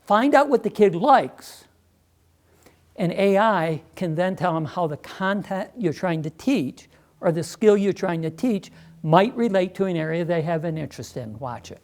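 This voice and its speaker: A man's voice: sits high, lively intonation, darkish tone. Emphatic man presenting to a meeting. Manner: emphatic, persuasive, quick asides to the audience. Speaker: education speaker presenting to a school district. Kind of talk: live presentation. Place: meeting room.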